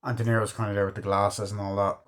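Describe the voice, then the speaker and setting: A man's voice: fairly low pitch, flat delivery, fast. A man casually reviewing a film he loves, rambling enthusiastically with lots of swearing. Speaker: movie reviewer.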